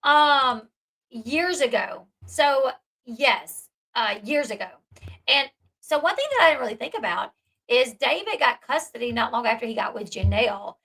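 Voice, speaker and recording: Woman commentator, high bright voice, emphatic and indignant, casual chatty commentary. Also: lively intonation, moderate pace, gravelly, slightly rough, poor audio. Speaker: online commentator. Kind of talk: casual commentary, reacting to live chat.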